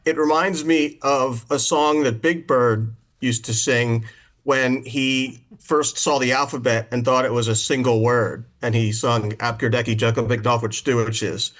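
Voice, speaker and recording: A man taking part in a live poetry discussion, thoughtful and a little hesitant, with frequent pauses. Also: medium pitch, fairly even intonation, fairly bright tone. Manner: thoughtful, hesitant, many ums. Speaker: seminar participant.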